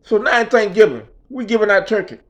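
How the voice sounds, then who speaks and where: A man's voice: high voice, big pitch swings, fast talker, lo-fi sound. A man telling a story in a casual rant, emphatic and profane, in street vernacular. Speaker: vlogger.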